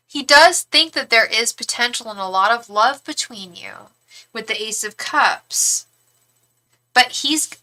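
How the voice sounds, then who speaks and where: A woman's voice: a little high, pushed and bright. A woman giving a live-stream tarot reading, talking frankly and chattily, with lots of fillers and some swearing. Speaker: tarot reader and psychic.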